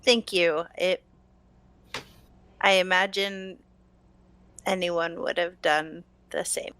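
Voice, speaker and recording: A woman's voice: on the low side, fairly even intonation, a bit bright, clear, resonant tone. A woman playing a tabletop game, answering in character in an understated, slightly awkward way. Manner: slow, understated, a bit awkward. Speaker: player.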